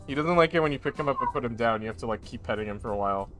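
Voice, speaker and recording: A young man rambles through a casual live stream, joking as he goes and slipping into baby talk for his cat. His pitch sits in the middle range, and soft music plays faintly behind him. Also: expressive, rapid-fire. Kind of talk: casual chat.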